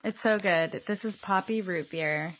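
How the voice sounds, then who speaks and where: A woman co-hosting a podcast in casual chat, wry and quick to laugh. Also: on the low side, highs cut off. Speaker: podcast co-host.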